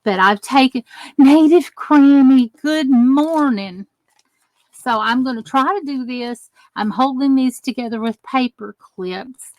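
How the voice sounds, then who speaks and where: A woman's voice: on the high side, a little slow, no room sound. Chatty woman hosting a live craft stream. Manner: chatty, greets viewers by name while working with her hands. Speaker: crafting channel host. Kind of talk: live crafting tutorial with viewer chat.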